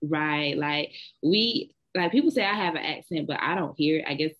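With a deep voice at a moderate pace, a woman with a Southern US accent co-hosts a casual podcast chat, telling bold, blunt stories. The highs in the audio are cut off.

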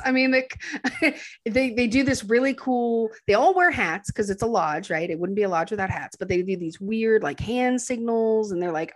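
A woman's voice: medium pitch, lively intonation, normal speed. A woman casually recapping a film on a podcast, acting out the characters' lines as she goes. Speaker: podcast co-host. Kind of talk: casual movie recap chat.

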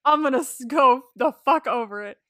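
Her voice sits high and comes across bright and forceful at a normal speed, in a studio-quality recording with no room sound. As co-host of a casual podcast recap, she talks animatedly, swears freely, laughs frequently, and acts out quotes.

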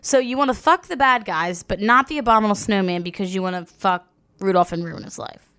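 A woman's voice: medium pitch, a little fast, fairly bright tone. A young woman co-hosting a crude comedy podcast, teasing her co-host, laughing often and reading horoscopes aloud. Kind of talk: crude comedic casual chat.

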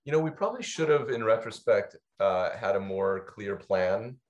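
A man's voice: fairly low pitch, expressive, normal speed, highs cut off. A man, a film co-director, talking thoughtfully in a casual interview, with plenty of fillers and hesitations.

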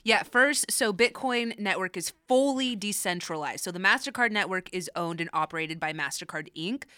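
A woman's voice: medium pitch, normal speed, sharp tone, smooth, no room sound, studio quality. A young adult woman co-hosting a podcast, teasing and laughing a lot. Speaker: podcast co-host. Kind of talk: casual chat.

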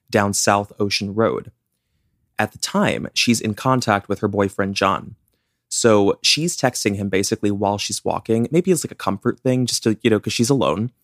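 Low-voiced young man recounting a case. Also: dry recording, studio quality. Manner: chatty, many "like" fillers. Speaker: podcast co-host. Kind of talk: casual true-crime storytelling.

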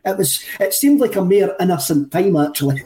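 A man's voice: high voice, animated, brisk, warm tone, poor audio. A Scottish man co-hosting a football podcast in casual chat, enthusiastic and rambling, often repeating himself. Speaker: podcast co-host.

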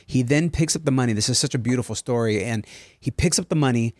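A man's voice: mid-range voice, fast, a little mellow, dry recording, studio quality. A man co-hosting a podcast in casual chat, telling a story with enthusiasm and wandering off on tangents. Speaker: podcast co-host.

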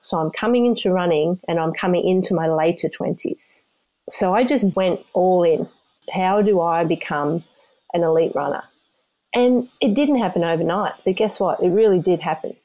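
A woman in her fifties, a former elite runner, telling her story in a casual, animated way and laughing often. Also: lowish voice. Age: 50s.

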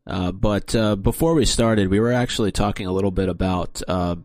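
A man co-hosting a podcast talks in a lowish, relaxed voice. He tells a meandering side story with steady pacing and the odd "uh." The sound is dry and close to the mic. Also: fairly quick, dry recording. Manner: steady, storytelling, a few fillers. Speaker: podcast co-host. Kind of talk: casual chat.

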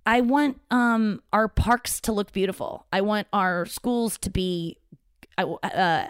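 The podcast host, a woman with a mid-range voice, talks by herself in a loose, rambling, self-deprecating way, sometimes swearing. The sound is studio quality with no room sound.

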